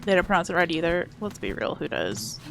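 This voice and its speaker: A woman streaming a game and chatting casually, excitable and joking, with frequent swearing. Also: on the low side, fairly quick, creaky, faint music behind. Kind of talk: casual livestream commentary while playing.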